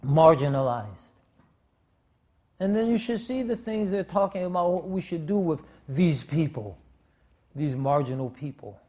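A man's voice: on the high side, warm tone. A man preaching a sermon, emphatic in delivery, with frequent restarts and Arabic religious phrases.

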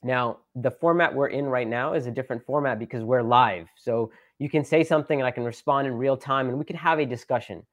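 A man's voice: mid-range voice, brisk, few pauses, dry recording, muffled recording. A man, a preacher, talking casually on a live stream, rambling with many fillers and restarts. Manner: repeats phrases with shifting emphasis.

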